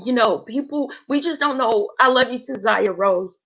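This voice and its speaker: A woman's voice: fairly high pitch, normal speed, fairly bright tone. Female livestream host, heartfelt and emotional, casual chat on dull lo-fi audio. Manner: emotional, heartfelt, talks straight to viewers.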